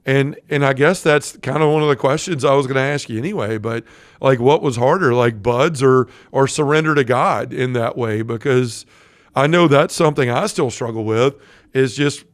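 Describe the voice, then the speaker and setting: A man's voice: medium pitch, no echo, studio quality. A man hosting a faith podcast, chatting in a friendly, conversational way. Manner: friendly, conversational, with quick asides. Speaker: podcast host. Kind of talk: casual interview chat.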